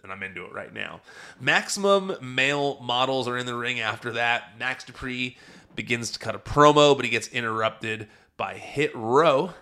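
A man's voice: mid-range voice, bright, forceful tone. A man giving a chatty, enthusiastic casual recap, rambling into asides as he goes. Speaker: wrestling show reviewer.

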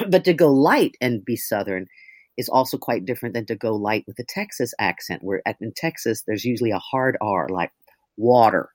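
An audiobook narrator in easy interview chat, chatty and quick to act out the people she quotes. The pitch swings all over in lively jumps, and the recording is dry and close with no room sound. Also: no echo. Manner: chatty, animated storyteller who acts out quotes. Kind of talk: casual interview talk.

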